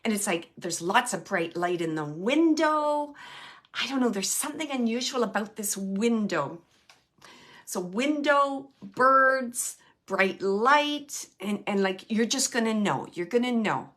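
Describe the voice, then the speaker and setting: A woman's voice: fairly high pitch, expressive, unhurried, fairly bright tone. A woman hosting a show and giving live mediumship readings. She speaks earnestly and straight to the sitter, often repeating her phrases. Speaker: psychic medium and show host.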